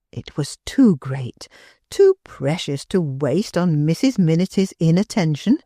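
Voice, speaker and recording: A woman narrating a classic novel as an audiobook reader, expressive and unhurried. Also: low-pitched, dry recording, clean studio sound. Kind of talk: scripted literary narration.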